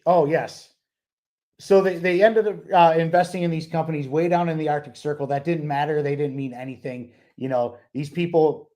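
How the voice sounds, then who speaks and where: A man's voice: fairly high pitch, a little mellow. A man co-hosting a book club podcast, talking in a loose, rambling way with many fillers and restarts. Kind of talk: casual podcast discussion.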